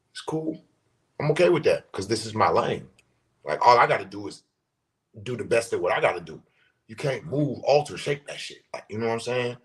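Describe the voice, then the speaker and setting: A man hosting a podcast, delivering a profane, emphatic monologue and talking with his hands. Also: mid-range voice. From United States. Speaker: podcast host. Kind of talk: casual monologue rant.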